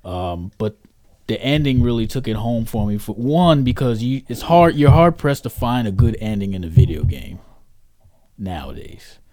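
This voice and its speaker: A man's voice: medium pitch, big pitch swings, normal speed, mellow, no echo, clean studio sound. A man giving his opinion in a casual podcast chat, thoughtful and hesitant with many fillers.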